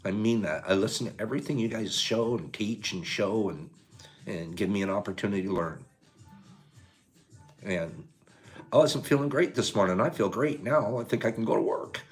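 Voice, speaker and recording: An older man hosting a morning livestream, talking softly and tearfully about gratitude, then turning loud and excited as he greets viewers. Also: fairly low pitch, moderate pace, soft background music. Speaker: livestream host. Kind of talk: emotional morning livestream chat.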